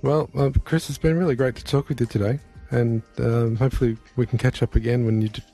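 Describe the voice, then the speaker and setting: Mellow Australian podcast host. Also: male voice, medium pitch, vocal fry, soft background music. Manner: relaxed, friendly, somewhat halting with fillers. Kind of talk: casual interview.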